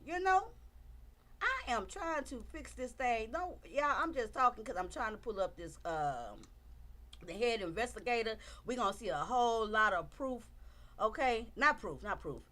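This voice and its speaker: Woman, middle-aged, livestream commentary, bright forceful tone, emphatic, talks to her viewers. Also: a little high, lively intonation, normal speed.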